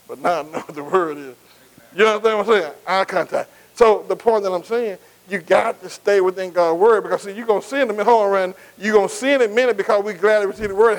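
On a rough recording, a man with a high voice preaches a sermon at a quick pace. He's emphatic and repetitive, using call-and-response to get his congregation to answer him.

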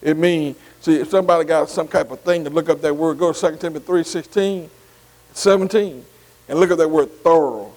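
High-voiced man teaching Bible class. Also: a little fast, a little mellow, long reverb tail, poor audio. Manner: keeps asking the class to follow along; spells Greek words out letter by letter.

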